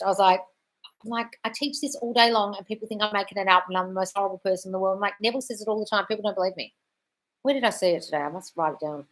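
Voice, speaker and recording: A woman coach hosting a live Q&A, reading viewers' chat questions and answering bluntly, swearing freely and calling people darling. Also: mid-range voice. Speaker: manifestation coach.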